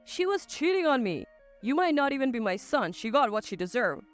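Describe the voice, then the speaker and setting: A woman's voice: high-pitched, big pitch swings, fairly quick, soft background music. A woman voicing a stammering, guilt-stricken retired father in a storybook drama. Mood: flustered. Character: remorseful retired father, older man.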